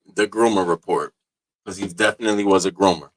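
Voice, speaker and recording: A man hosting a casual live-stream commentary, animated as he greets viewers by name from the chat and swears freely. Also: low-pitched, a little fast.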